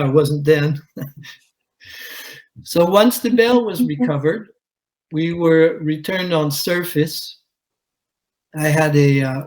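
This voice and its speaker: A man, a commercial diver, telling his own story at a conference in a measured way, with pauses. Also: a little high, low-quality recording. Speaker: commercial diver giving a talk. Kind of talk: conference presentation, personal account. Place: conference hall.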